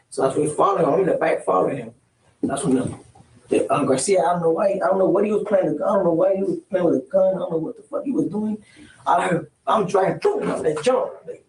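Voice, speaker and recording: A man's voice: sits high, quick pace, a little mellow. A man recounting past events under questioning, acting out the quoted exchanges in casual street slang. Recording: roomy, distant mic, faint hiss.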